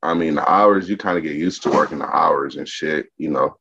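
A man who works as an executive chef, chatting as a podcast guest and telling animated stories full of slang and swearing. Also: very deep voice, brisk, breathy edge. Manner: animated storytelling heavy with slang and profanity. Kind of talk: casual interview chat. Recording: dull lo-fi podcast audio.

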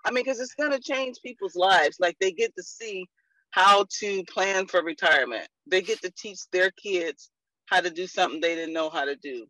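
Excited woman on a video call. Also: on the low side, moderate pace, dry recording, rough recording. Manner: excited, gushing. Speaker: insurance agent. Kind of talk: casual video call update.

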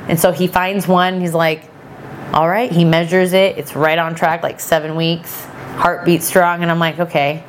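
A woman in her thirties, a podcast guest, telling a personal story in a chatty, animated way and acting out what people said. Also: lowish voice, moderate pace, a little hiss or hum. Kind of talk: casual storytelling chat.

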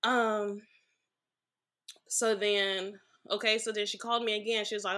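Bright-voiced woman telling a blunt personal story. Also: mid-range voice, steady tone, measured pace. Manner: blunt, frank, peppered with swearing. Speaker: podcast guest.

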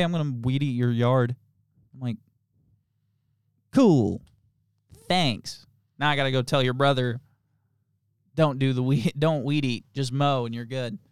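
With a brisk delivery and a clear, resonant medium-pitched voice, a man co-hosts a podcast, chatting casually and rambling through filler-heavy stories while laughing a lot. The studio sound is clean, with no echo.

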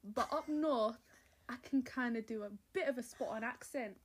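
A woman's voice: a little high, normal speed, crowd noise. A young woman co-hosting a podcast, chatting casually and giggling often. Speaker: podcast co-host. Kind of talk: casual chat.

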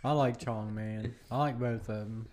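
A man's voice: medium pitch, fairly even intonation, moderate pace, darkish tone, a little hiss or hum. A man co-hosting a podcast in casual chat, teasing and laughing often. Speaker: podcast co-host.

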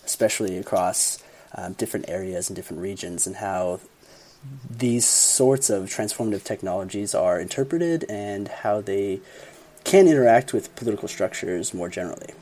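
Young man, podcast co-host, relaxed dark tone, earnest scholarly chatter. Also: fairly low pitch, moderate pace. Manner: earnest, academic explaining with hesitations. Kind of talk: casual podcast chat.

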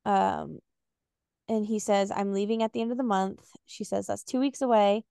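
A woman's voice: medium pitch, steady tone, moderate pace, creaky, warm tone, clear, resonant tone, no room sound, studio quality. Podcast woman reading a novel aloud. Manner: recaps and reads passages aloud with fillers. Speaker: podcast co-host.

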